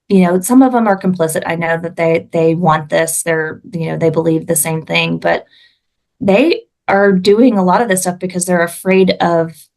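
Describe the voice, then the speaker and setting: A woman from Alabama speaks in a fairly low voice as a podcast guest. She talks with real passion and keeps restarting and rephrasing mid-sentence. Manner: impassioned, frequent restarts. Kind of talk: casual conversation.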